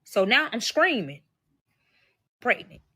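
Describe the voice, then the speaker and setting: A woman's voice: fairly high pitch, big pitch swings, takes it slowly, bright, forceful tone, slightly rough, no room sound. A woman telling a personal story in casual, profane talk, speaking to her listeners as y'all and acting out the voices of the people in it. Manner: acts out quoted voices. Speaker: storyteller recounting a personal experience. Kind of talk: casual storytelling to a live audience.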